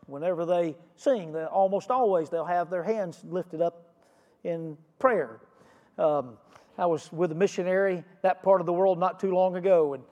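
A man with a notably high voice delivers a sermon as a pastor, teaching earnestly and posing rhetorical questions to his congregation. His voice rings out with a long reverb, as if in a large church sanctuary. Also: mellow.

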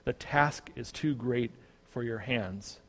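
A man plays a calm eldest brother speaking softly and patiently. The low-key voice sits in a long reverb. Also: slow pace. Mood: pleading. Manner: soft-spoken, gentle.

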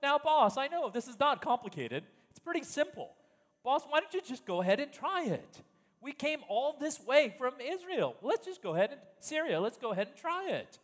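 A man voicing a humble servant gently coaxing his master to try a simple cure. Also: very high-pitched, sing-song, normal speed, in a large hall, voice pushed up.

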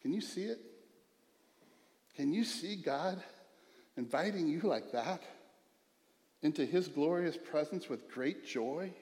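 A middle-aged man preaching a sermon as pastor, earnest, dropping to a hush and rising to emphatic. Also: fairly high pitch, animated, takes it slowly, pauses often. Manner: earnest, swings from hushed to emphatic. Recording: echoey hall with long reverb.

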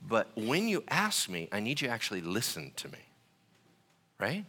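Give me a male pastor with a bright voice who preaches conversationally and acts out the voices he quotes. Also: lowish voice, wildly swooping pitch, normal speed, slightly rough. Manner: rhetorical "right?" checks with listeners. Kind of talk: conversational sermon.

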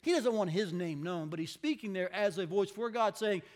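A man with a high-pitched voice delivers a relaxed, conversational sermon. He retells the scripture expressively and slips into the voices of its characters as he goes. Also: moderate pace. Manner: expressive, acts out the people in the story. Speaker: preacher.

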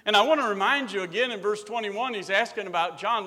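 A man delivers a revival sermon in a church, his voice high and bright as it rises from quiet reflection to loud, fervent preaching. Scripture comes out in old English. A long hall reverb trails each phrase. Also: brisk, hardly any pauses.

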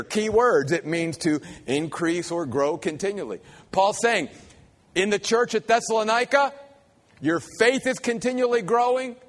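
A man with a notably high voice delivers a sermon to his congregation. He builds in rhythmic repeated lines and slows to stress each word. His voice carries a long reverb from the church hall. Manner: emphatic preaching with slow stressed phrases and repeated lines. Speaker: pastor.

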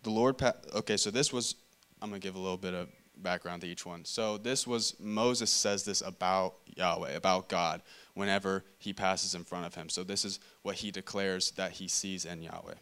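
In a church meeting room, a preacher gives a casual sermon, reading scripture aloud and discussing it conversationally while often repeating and restarting phrases. His voice sits low and sounds smooth and fairly bright, with a steady tone, a moderate pace, and few pauses.

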